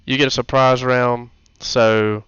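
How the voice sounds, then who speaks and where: A man running a tabletop game as game master, halting and correcting himself as he goes. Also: medium pitch, level tone, fairly bright tone, clean tone, no room sound. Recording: dull lo-fi mic, dry.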